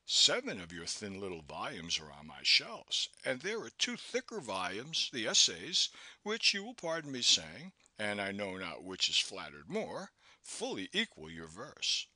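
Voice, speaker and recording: A man's voice: fairly low pitch, wildly swooping pitch, unhurried, pushed and bright, no echo, full character voice. A man playing a formal, bookish male critic. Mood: academic. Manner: formal, academic.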